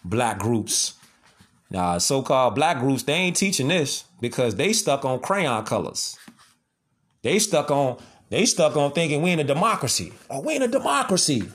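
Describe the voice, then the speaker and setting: A man's voice: mid-range voice, fairly bright tone. A man delivering an impassioned monologue, heavy with street slang and repetition, lecturing listeners. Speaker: commentator.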